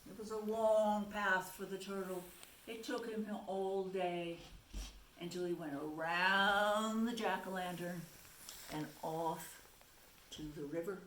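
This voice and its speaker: A woman teacher reading a picture book aloud to children in a soft, gentle way. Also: medium pitch, fairly even intonation, slow, slight background noise. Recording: roomy echo, faint ambience.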